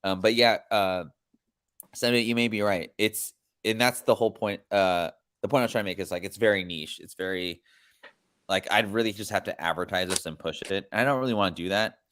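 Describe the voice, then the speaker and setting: A man with a somewhat low voice hosts a casual chat, talking in a loose, laid-back way. He rambles and restarts his sentences, with plenty of slang. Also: brisk, fairly bright tone. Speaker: podcast host.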